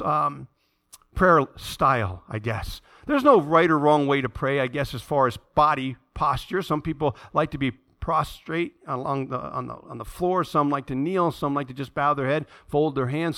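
A man pastor delivering a sermon to his congregation. His voice is bright and a little high, and it climbs to emphatic peaks. Between passages of scripture reading he talks conversationally, with restarts.

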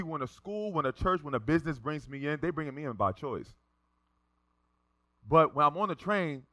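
An animated male pastor preaching through a personal story, acting out the people in it as he goes. His voice is bright and forceful and sits a little high for a man. The sound is dry and close. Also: no echo. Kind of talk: sermon with storytelling.

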